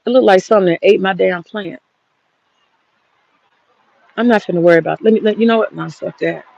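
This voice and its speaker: This woman vlogger speaks at medium pitch, a little fast, with a darkish tone, in a muffled recording with no room sound. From her outdoor garden she rambles through a blunt, profane, casual rant aimed straight at her viewers.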